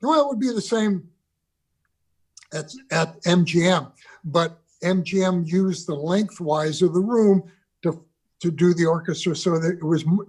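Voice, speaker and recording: A man's voice: high voice, a little slow, a little mellow. An older man, a guest on a video call interview, reminiscing about recording sessions with loose restarts. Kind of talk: conversational interview.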